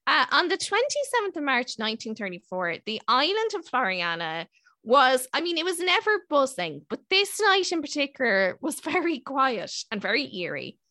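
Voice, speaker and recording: A woman in her thirties hosting a podcast, telling a story in a chatty, self-mocking way with quick asides. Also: high voice, sing-song, bright, forceful tone, dry recording, studio quality. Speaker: podcast host. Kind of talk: casual chat and storytelling.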